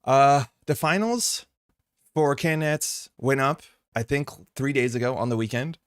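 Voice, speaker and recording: A man's voice: mid-range voice, unhurried, smooth, no echo. Man from Canada, live-stream host, casual chatty talk, dry close sound. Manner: chatty, reads and answers chat.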